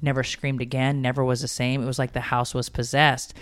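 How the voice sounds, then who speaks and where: Blunt, animated woman chatting. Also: very deep voice, brisk. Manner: animated, blunt, swears freely. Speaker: podcast co-host. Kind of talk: casual chat.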